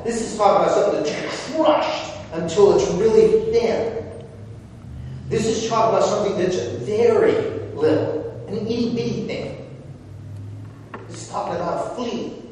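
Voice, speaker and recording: A man preaching a sermon, speaking deliberately and dropping to a hush when he reads whispered words. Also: sits high, slight background noise. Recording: echoey hall, voice from far off.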